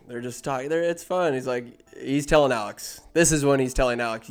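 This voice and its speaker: Man, mid-pitched, smooth clear voice, loose jokey film recap, faint music behind. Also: brisk. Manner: rambling, jokey, self-interrupting. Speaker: movie recapper. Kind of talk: casual rambling film recap.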